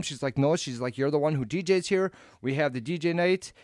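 A man's voice: on the high side, fairly quick, hardly any pauses, no echo, clean studio sound. A man with an Upper Midwest American accent co-hosting a podcast, telling stories in a rambling way with many fillers. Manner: rambling storytelling with many fillers, acts out quotes. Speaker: podcast co-host and DJ. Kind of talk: casual chat.

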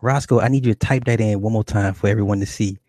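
Low dark-voiced man chatting casually. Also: steady tone, fast, dry recording, clean studio sound. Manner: rambling, profane, reads chat aloud. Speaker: livestream host. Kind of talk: casual chat with viewers.

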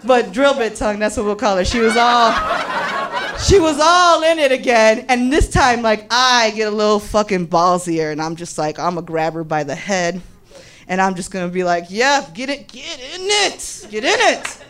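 A woman doing live stand-up, telling a raunchy story in a brash, profane and animated way, often laughing through her lines. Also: medium pitch, normal speed. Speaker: stand-up comedian.

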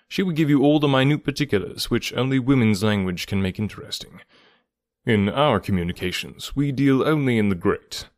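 A man reading the part of an earnest, kindly gentleman in an audiobook of a classic novel, speaking in a measured, gently reasoning way. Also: on the low side, no room sound, studio quality, close to an everyday voice.

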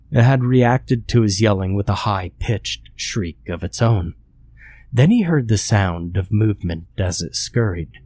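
A man narrating a horror story in a steady, measured storytelling manner. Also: deep voice, no echo.

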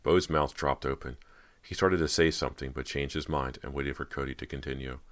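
A man narrating a horror audiobook in a measured, steady reading. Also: very deep voice.

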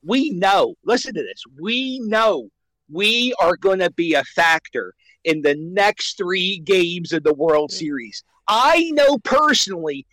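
Fired-up boastful man, high voice. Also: very animated, a little slow, bright, forceful tone, no echo, low-quality recording. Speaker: caller. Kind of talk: excited sports chat on the radio.

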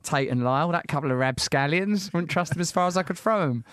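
A man's voice: on the high side, fast, fairly bright tone, clean tone, no echo, clean studio sound. A man hosting a casual interview, jokey and rambling, with self-mocking asides between his questions. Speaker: podcast host.

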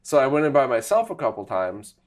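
A middle-aged man telling a story in casual conversation, animated and laughing often. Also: mid-range voice, a little fast.

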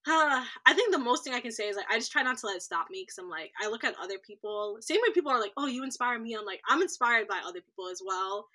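A woman's voice: on the high side, animated, quick pace, sharp tone. A woman in her twenties, a guest on a podcast, talking in an easygoing, thoughtful way. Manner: easygoing, thoughtful, with frequent laughs and fillers. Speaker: guest, medical trainee. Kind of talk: casual interview chat.

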